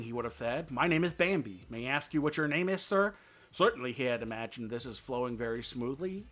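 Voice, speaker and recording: Animated man reading a storybook. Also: mid-range voice. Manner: expressive, animated narration. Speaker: VTuber reader.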